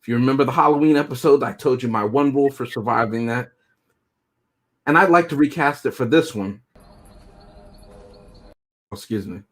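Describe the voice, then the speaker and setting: A man's voice: mid-range voice, normal speed, long pauses. A man co-hosting a casual movie review chat, joking and chuckling often as he talks.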